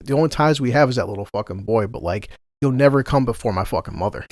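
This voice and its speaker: A man's voice: mid-range voice, lively intonation, fast, no room sound, clean studio sound. A man, a podcast co-host telling a family story in casual, profane chat and laughing often.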